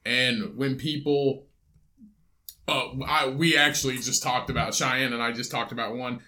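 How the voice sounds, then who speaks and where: A man's voice: mid-range voice, level tone, unhurried, pushed and bright. A man from south central Indiana co-hosting a casual podcast with his brother, rambling with many restarts and swearing. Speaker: podcast co-host. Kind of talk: casual chat.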